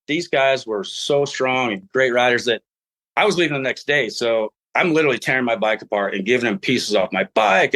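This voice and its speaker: A middle-aged man telling a story in casual podcast talk, acting out his own past lines and laughing as he goes. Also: medium pitch. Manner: animated, acts out his own past dialogue; laughs while telling stories. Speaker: podcast guest.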